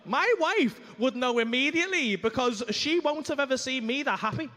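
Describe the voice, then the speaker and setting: Male stand-up, high voice, sweary and animated, live club mic. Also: normal speed, slight background noise. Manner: sweary, animated, acts out dialogue. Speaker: stand-up comedian. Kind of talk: stand-up storytelling. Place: comedy club stage. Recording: live club room with faint ambience.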